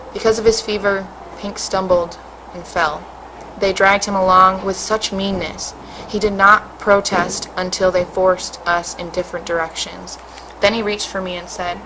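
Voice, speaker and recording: Like a teacher reading to her class, a woman with a fairly low voice reads a storybook aloud steadily and expressively at a moderate pace. A faint hum sits behind her.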